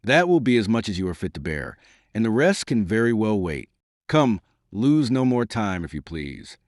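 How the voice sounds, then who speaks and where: Guy reading a smooth mocking gentleman, cool and cutting, low voice, dry sound. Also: big pitch swings, brisk, dry recording. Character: suave mocking gentleman, adult man, commanding.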